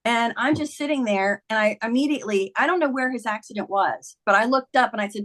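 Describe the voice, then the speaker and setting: Her voice is fairly high and fairly bright, and she speaks a little fast. An author guesting on an interview, she tells a personal story with sincerity, bringing it to life by performing the quoted lines of its characters.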